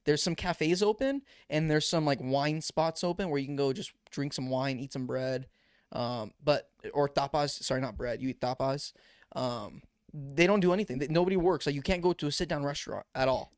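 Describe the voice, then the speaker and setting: A young man co-hosting a podcast in casual chat, excitable and quick, dropping "bro" often. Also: on the high side, smooth, no room sound, clean studio sound. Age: young adult. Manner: excitable, says "bro" a lot. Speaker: podcast co-host.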